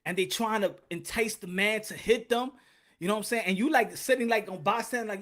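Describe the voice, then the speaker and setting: A man's voice: high-pitched, fairly quick, fairly bright tone. A man hosting a podcast, telling a funny story in a casual, profane way and laughing often. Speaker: podcast host.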